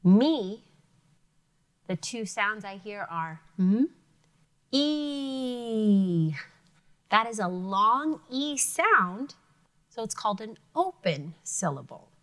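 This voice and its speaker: A woman teacher giving an elementary phonics lesson, sounding out words carefully and clearly for young students. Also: medium pitch, lively intonation, unhurried, pushed and bright.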